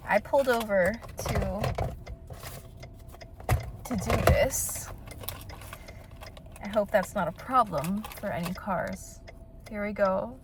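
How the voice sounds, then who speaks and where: A woman's voice: mid-range voice, noisy background. A young woman vlogging casually to camera about her art and market finds, chatty and giggly. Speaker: vlogger and artist. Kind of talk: casual vlog talk to camera. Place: car.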